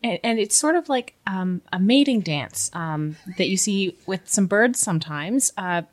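Slow-talking woman playing a tabletop game. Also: medium pitch, expressive. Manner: halting, heavy with fillers. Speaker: player.

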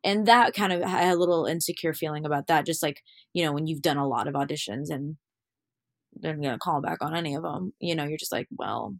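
A woman's voice: deep voice, quick pace, no room sound, clean studio sound. A young woman, an actor, chatting candidly as a guest, full of fillers and quoting herself as she tells stories. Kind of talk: casual interview chat.

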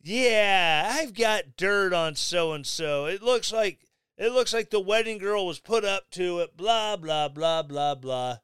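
A man's voice: sits high, lively intonation, takes it slowly, a bit bright, clear, resonant tone, no echo, clean studio sound, full character voice. A man putting on a smug anchorman in a crappy Italian accent. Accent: put-on Italian, deliberately bad.

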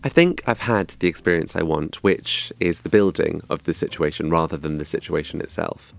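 A man's voice: a bass voice, normal speed, gravelly, soft background music. A young man from England telling a scripted comic story in a wry, dry, self-mocking way. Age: young adult.

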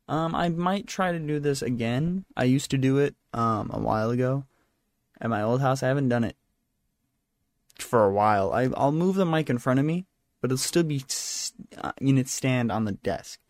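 A man's voice: mid-range voice, moderate pace, dry recording, clean studio sound. A tired young man hosting a solo podcast, rambling and apologizing, talking into a handheld mic at his desk at home. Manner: rambling, self-deprecating, apologetic. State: tired, yawning. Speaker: podcast host. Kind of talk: solo casual podcast chat. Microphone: handheld microphone.

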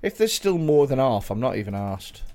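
A man co-hosting a podcast, firing off sarcastic, deadpan jabs. His pitch swings widely as he talks, lively and animated. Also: normal speed. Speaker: podcast co-host. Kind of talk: casual banter.

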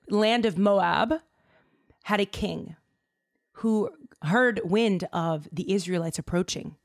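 A woman retelling a story in loose, casual slang and piling on fillers like "like" and "um." She is animated and keeps her listeners hooked. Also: on the low side, vocal fry.

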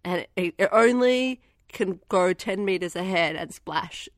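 A woman's voice: fairly low pitch, a little slow, no echo, studio quality. A woman co-hosting a casual movie review podcast, sarcastic and swearing, acting out characters in silly voices. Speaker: podcast co-host.

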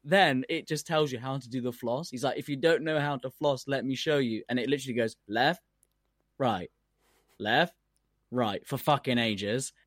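A man's voice: mid-range voice, normal speed, fairly bright tone, dry recording, clean studio sound. A man co-hosting a casual comedy podcast, ranting and swearing a lot as he gets worked up. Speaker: podcast co-host.

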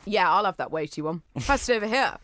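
A woman's voice: mid-range voice, expressive, quick pace, a bit bright, no echo. Giggly lady chatting on a podcast, swoopy voice. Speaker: podcast co-host. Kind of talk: casual chat reading listener mail.

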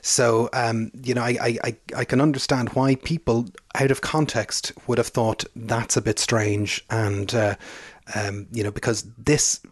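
A man's voice: medium pitch, little pitch movement, measured pace, dry recording, studio quality. A man co-hosting a podcast in casual chat, rambling with frequent fillers and asides. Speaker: podcast co-host.

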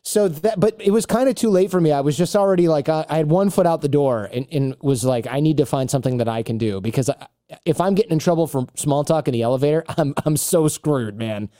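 A man's voice: on the high side, brisk, dry recording, clean studio sound. A man in his thirties, a guest on a podcast, chatting casually and acting out quotes as he tells stories. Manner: animated storyteller who acts out quotes. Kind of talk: casual interview chat.

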